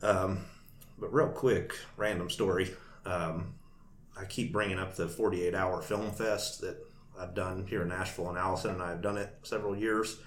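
A man's voice: low-pitched, steady tone, normal speed. A man chatting as an interview guest, telling a long story with many fillers and frequent laughs. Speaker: guest cartoonist. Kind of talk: casual interview chat. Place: Nashville. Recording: echoey room with faint noise.

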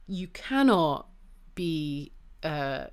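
A woman's voice: sits low, drawn-out words, clear, resonant tone. A woman co-hosting a podcast, talking heatedly and swearing freely as she makes her points. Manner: swears freely, passionate and animated. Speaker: podcast co-host. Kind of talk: heated casual conversation.

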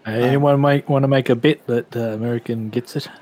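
A man's voice: medium pitch, steady tone, fairly quick, a little mellow. A man playing a tabletop role-playing game, joking and laid-back. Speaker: player. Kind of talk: casual tabletop role-play.

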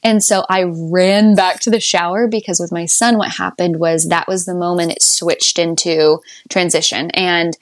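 A young adult woman telling her birth story as a podcast guest in casual conversation. She laughs often and jumps up high when she quotes herself. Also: steady tone, moderate pace, hardly any pauses, no room sound, studio quality.

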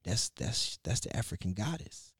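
A man telling a story in a casual conversation, loose and animated, with slang, cursing and frequent restarts. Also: on the low side, moderate pace, husky, dry recording, clean studio sound.

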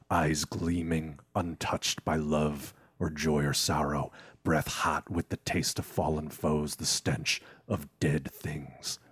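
A brooding narrator who tells of an ancient monster, as a man puts the voice on. He speaks low, slow and hushed, in a menacing tone. The recording is dry and close. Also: breathy edge, dry recording, full character voice. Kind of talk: dramatic reading.

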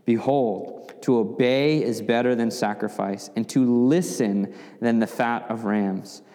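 A man's voice: mid-range voice, fairly even intonation, unhurried, warm tone, pitched below the performer's own voice, natural voice. A stern old prophet delivering a solemn rebuke, as a man voices him. Long hall reverb carries the words. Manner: solemn, reproachful.

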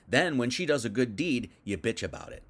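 A man teaching on a Bible passage in a livestream, chatty, dropping to quiet asides and then rising to emphatic bursts, reading verses aloud and paraphrasing them loosely. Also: mid-range voice, animated, fairly quick. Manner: conversational, swings from quiet asides to emphatic outbursts. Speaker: preacher.

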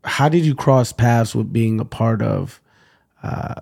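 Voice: mid-range voice, takes it slowly, vocal fry, darkish tone, breathy edge. An interviewer asking questions in a casual chat and backing the guest with short affirmations. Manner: supportive, many short affirmations.

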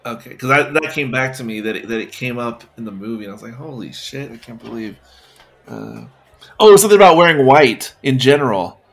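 A man with an everyday mid-range voice co-hosts a relaxed movie podcast. He explains and reminisces in a casual, storytelling manner. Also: medium pitch, quick pace, gravelly. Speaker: podcast co-host. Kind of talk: casual film discussion.

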